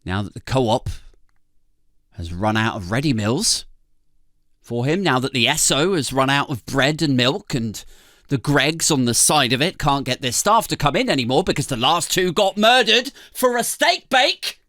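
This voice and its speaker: A man's voice: animated, moderate pace, a bit bright, no echo, studio quality. A British man on a comedy podcast, ranting sarcastically, swearing and laughing as he talks. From Britain. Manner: sarcastic, swearing, laughing often, swooping pitch. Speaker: podcast co-host.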